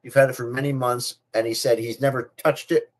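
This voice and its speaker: A man's voice: mid-range voice, flat delivery, a little fast. A middle-aged man with a speech difference, chatting casually to his viewers as a channel host, repeating and restarting phrases as he goes. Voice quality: speech difference, not a stutter. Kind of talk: casual personal talk to camera.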